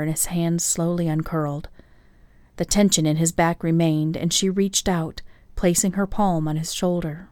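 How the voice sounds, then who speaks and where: A woman narrates a romance novel in a steady, measured read. Her voice sits on the lower side for a woman. The recording is dry and close, with no room sound. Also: dry recording. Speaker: audiobook narrator.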